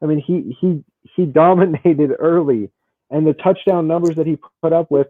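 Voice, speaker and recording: A man co-hosting a sports podcast, rattling off numbers fast and repeating his words as he argues. His voice sits a little high. The sound is dry and tinny, like a phone line. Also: no room sound. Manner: talks fast, repeats words, stacks stats. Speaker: podcast co-host. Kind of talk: casual sports debate.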